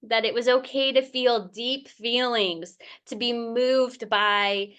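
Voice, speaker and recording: A middle-aged woman author in a casual interview, talking emotionally and effusively, with many pauses and fillers. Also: fairly high pitch, fairly even intonation, fairly bright tone, clear, resonant tone. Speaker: picture book author, guest.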